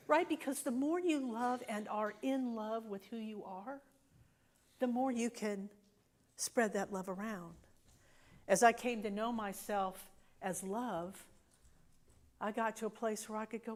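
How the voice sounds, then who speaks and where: A woman's voice: mid-range voice, measured pace. A woman minister giving a sermon in a conversational way, often checking in with the congregation. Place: church sanctuary.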